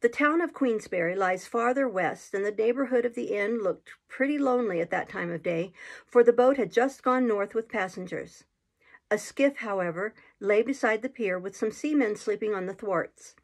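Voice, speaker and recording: A woman reading an old adventure novel aloud at a middle pitch. Her telling is steady and measured, with the sentences laid out evenly for the listener. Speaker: reader.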